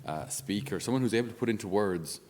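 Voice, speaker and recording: A man's voice: fairly low pitch, expressive, quick pace, darkish tone, big-room sound. A male Catholic priest giving an informal spiritual talk on his podcast in a conversational, down-to-earth way with self-deprecating humor.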